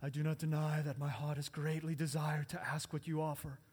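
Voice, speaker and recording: A man's voice: on the high side, little pitch movement, fairly quick, breathy edge, pitched below the performer's own voice. A man doing a grand, towering elven queen. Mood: grandiose. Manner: grand, declaiming, swelling to loud. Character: proud, tempted elven queen, woman, towering and terrible. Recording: long hall reverb.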